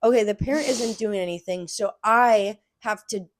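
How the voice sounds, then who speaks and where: A young woman co-hosting a casual chat show, telling animated stories about her work as a cashier. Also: moderate pace, dry recording, studio quality. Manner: animated storytelling, acts out customers in high voices. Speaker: podcast co-host.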